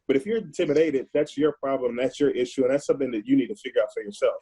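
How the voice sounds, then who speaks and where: A man speaking as a podcast guest in a casual discussion, earnest and forceful, often restarting his words. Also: mid-range voice, rapid-fire, breathy edge, poor audio.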